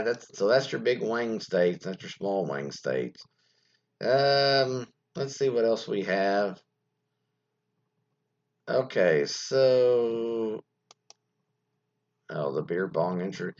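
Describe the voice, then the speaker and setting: A man's voice: lowish voice, creaky. A man talking casually and crudely in a rambling, joking way, with lots of fillers and restarts. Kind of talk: casual chat. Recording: dull lo-fi sound.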